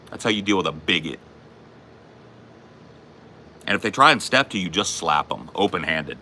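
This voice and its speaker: A low-voiced man with a sharp, forceful tone rants in profane, taunting bursts. He is confrontational and loud in his delivery, as a comedy host goading someone, with a faint hum of room ambience behind him. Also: expressive, moderate pace, pauses often. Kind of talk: aggressive comic rant.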